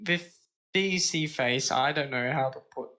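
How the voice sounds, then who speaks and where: Slow, bright-voiced male streamer. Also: on the high side, rough recording. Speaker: streamer and host. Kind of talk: casual streaming chat.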